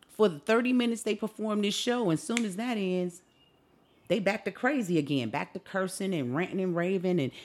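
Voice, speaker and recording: A woman with a fairly low, darkish voice hosts a solo podcast of opinionated commentary. She sounds impassioned and indignant, peppering her talk with rhetorical questions.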